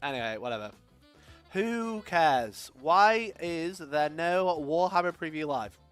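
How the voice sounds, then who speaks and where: A young man talks loosely to his stream chat, his fairly high voice swooping up and down, with faint music playing behind him. He swears freely, laughs a lot, and shifts between loud outbursts and muttering. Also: animated, slow pace. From Sheffield, England. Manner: sweary, laughs often, swings loud and quiet. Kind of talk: casual live-stream chat.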